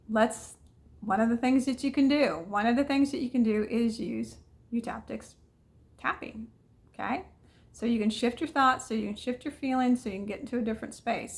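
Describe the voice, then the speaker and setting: A woman's voice: on the high side, fairly bright tone. A woman mentor guiding listeners through a tapping exercise with soothing, repetitive affirmations. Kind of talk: guided tapping session.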